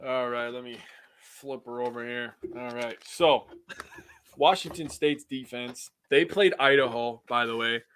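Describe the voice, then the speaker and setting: A man co-hosting a sports podcast, joking loosely and reading football stats with pauses. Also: medium pitch, steady tone, fairly bright tone, a little hiss or hum. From United States. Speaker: podcast co-host. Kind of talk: casual sports talk chat.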